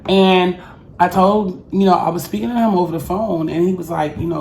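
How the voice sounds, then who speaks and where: A woman's voice: on the low side, quick pace, a little mellow. Woman ranting thru a story time vlog, blunt n cussing, roomy echo. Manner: blunt, heated, profane storytelling. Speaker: vlogger. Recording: roomy echo, faint noise.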